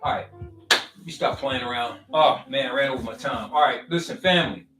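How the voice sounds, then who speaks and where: A man's voice: mid-range voice, a little fast. A man giving a casual, preachy motivational talk to his online followers. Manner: preachy and animated, with call-and-response asides. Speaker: vlogger talking to his followers. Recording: roomy and distant, faint music behind.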